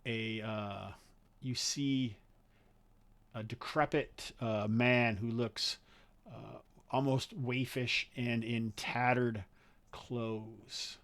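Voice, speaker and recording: A man narrating as game master of a tabletop game, thinking aloud with frequent pauses and fillers. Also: medium pitch, fairly even intonation, fairly bright tone.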